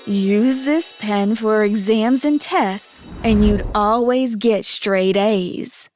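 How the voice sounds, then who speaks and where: Woman voicing a mysterious old woman, slow hushed delivery, knowing tone, animated story, soft music underneath. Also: mid-range voice, natural voice. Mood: cryptic. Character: mysterious old woman offering a magic pen.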